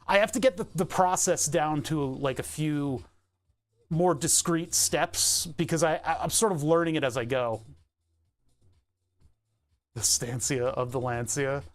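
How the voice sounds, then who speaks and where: A man's voice: fairly high pitch, a little slow, pauses often. Nasal American man chatting on stream. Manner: rambling, chatty, laughs often. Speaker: livestreamer. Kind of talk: casual live-stream chat while working.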